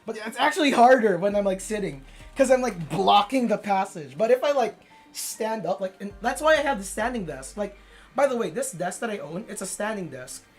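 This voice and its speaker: Twenties woman streamer chatting casual, swears a lot, says like constantly, lively swingy pitch. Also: a little fast, faint music behind. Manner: playful, swears freely, lots of "like" fillers. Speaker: game streamer. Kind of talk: casual gaming stream commentary.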